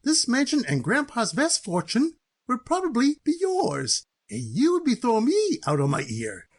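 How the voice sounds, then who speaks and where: A lazy, gloating scoundrel of a cousin from a cartoon, as a man puts him on. He speaks smugly in a high, lively voice with a husky rasp. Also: moderate pace, exaggerated voice. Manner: smug and gloating. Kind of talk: cartoon voice acting.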